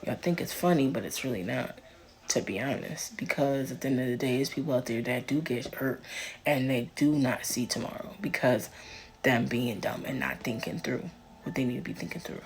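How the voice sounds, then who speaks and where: A woman's voice: extremely low pitch, moderate pace. A woman hosting a reaction video, giving blunt, lecturing commentary in casual slang. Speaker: reaction channel host.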